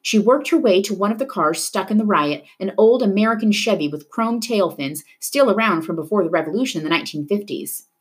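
A woman reading a children's novel aloud, narrating the story in a steady, expressive way. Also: mid-range voice, a little fast, few pauses, husky. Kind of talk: book read-aloud narration.

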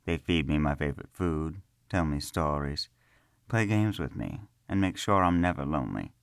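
A man voicing a calm, smiling young man bound by magic to a stone floor, speaking softly and pleasantly. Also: rumbling low, moderate pace, creaky, dry recording, clean studio sound, exaggerated voice. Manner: soft, pleasant and reassuring. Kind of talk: storybook character reading.

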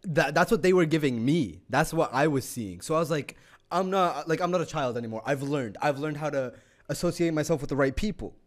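A man's voice: a little high, fairly quick. A young man co-hosting a podcast, telling a story in casual chat, swearing often and acting out what people said. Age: young adult. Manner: animated, swears a lot, acts out quotes. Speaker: podcast co-host.

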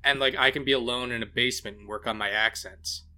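Bright, animated swearing podcast man. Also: medium pitch, fast. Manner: animated, profane, jokey. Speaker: podcast host. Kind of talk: casual podcast chat.

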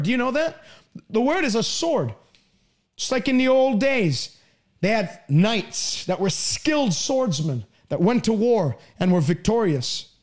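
A man preaching a broadcast sermon, emphatic, swinging between raised pleading lines and low, quieter asides.

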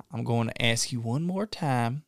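A man's voice: medium pitch, a bit bright, no echo, studio quality. A man co-hosting a podcast, playing an impatient questioner in a comedy sketch, then chatting casually. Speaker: podcast co-host.

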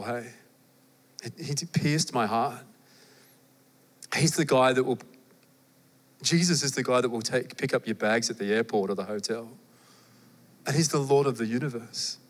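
Young Australian male preacher, chatty and lively, mid-range voice, recorded with hall reverb. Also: medium pitch. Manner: conversational and animated, with asides to the audience. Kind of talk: sermon.

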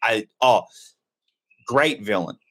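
A man with a fairly low voice talks through a movie in a loose, candid way. He rambles and corrects himself as he goes. It sounds like an unscripted review chat. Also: slow pace, a bit bright. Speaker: film reviewer. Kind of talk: casual film review chat.

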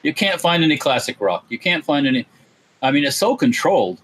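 Husky-voiced man chatting casually. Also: a little high, big pitch swings, a little fast, fairly bright tone, low-quality recording. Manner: rambling, swears, mimics voices in asides. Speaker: podcast host. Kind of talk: casual podcast chat.

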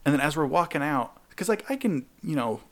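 A man's voice: on the high side, fairly quick. Man telling a story in casual chat. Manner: animated, acts out quoted people in raised voices. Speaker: podcast co-host.

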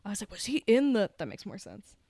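A woman co-hosting a podcast, recapping a film in casual chat, animated and swearing as she acts out lines. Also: medium pitch, quick pace, dry recording, studio quality. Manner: animated retelling with quoted voices, swearing. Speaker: podcast co-host.

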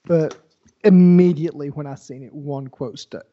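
A man's voice: on the high side, normal speed, lo-fi sound. A laid-back, folksy man co-hosting a podcast and chatting casually about a movie. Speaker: podcast co-host.

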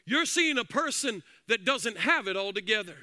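A man preaching a fiery sermon from a church platform, shouting and half-singing his phrases. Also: high voice, animated, moderate pace, no echo. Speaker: pastor. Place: church sanctuary.

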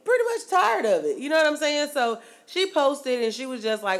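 A woman's voice: high-pitched, very animated, moderate pace. Woman hosting a podcast, gossipy and laughing, just chatting. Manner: gossipy, laughing, reads quotes aloud. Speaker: podcast co-host. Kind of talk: casual chat.

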